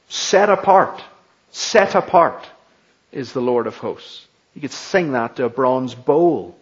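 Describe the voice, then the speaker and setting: A man preaching a sermon in a slow, emphatic way, building weight through repetition and rising emphasis. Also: medium pitch, slightly rough, lo-fi sound.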